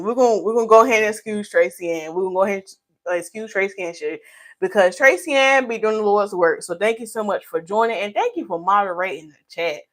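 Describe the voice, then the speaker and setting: Her voice a little high, brisk and somewhat bright, a hairstylist from North Carolina, USA, runs a live stream Q&A. She's playful and teasing as she reads viewers' comments out loud.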